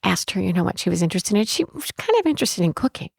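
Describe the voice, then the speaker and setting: In an interview, a bed and breakfast owner chats her way through stories, frequently starting over. She has a mid-range, sing-song voice that is creaky and slightly rough, delivered rapid-fire. The studio-quality recording has no echo.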